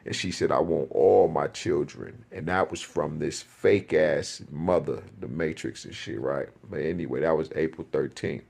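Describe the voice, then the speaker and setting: A man's voice: extremely low pitch, fairly even intonation, moderate pace, gravelly, hardly any pauses, darkish tone. A man telling a spiritual experience in a rambling, profane, casual way, often repeating himself.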